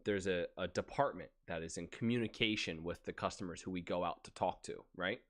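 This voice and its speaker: A man co-hosting a casual podcast chat, acting out quoted phrases as he tells a story. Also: fairly quick. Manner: animated, acts out quoted phrases with big pitch swings. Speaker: podcast co-host.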